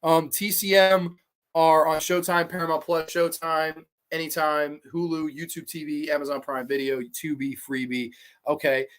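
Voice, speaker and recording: Male streamer, casual horror-review host, swears freely, excitable, banters with chat. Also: a little high, normal speed. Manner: profane, excitable, reacts to chat. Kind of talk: casual livestream commentary.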